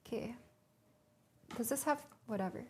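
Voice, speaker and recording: A woman's voice: a little high, moderate pace, a little hiss or hum. A young woman livestreaming from a home kitchen, casually chatting and thinking aloud as she reads a recipe to her viewers. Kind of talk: casual cooking stream chat.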